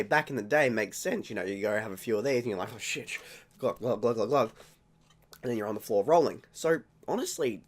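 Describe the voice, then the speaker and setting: Rambling, jokey Australian man. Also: medium pitch. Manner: rambling, jokey and self-mocking. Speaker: vlogger. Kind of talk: casual beer-tasting vlog.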